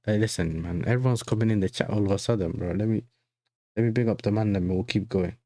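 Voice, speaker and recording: Fast and fairly low-pitched, a young man with a dark tone runs a casual football reaction livestream, chatty and slang-heavy, frequently asking "you know what I'm saying." He's recorded dry.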